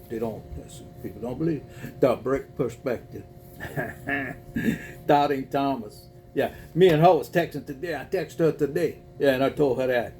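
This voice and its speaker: A man's voice: a little high, a little mellow, slight background noise. A man with a Cajun accent hosting a casual livestream, folksy and chatty, reading viewer messages aloud and calling people boo. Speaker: spiritual reading host. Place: home, packing to move.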